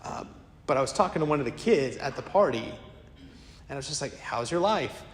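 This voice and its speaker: A man preaching a sermon as a priest, telling stories in a lively, conversational way. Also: medium pitch, quick pace. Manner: lively storytelling, acts out quoted voices; casual, conversational preaching to a congregation. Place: church. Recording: echoey church with long reverb.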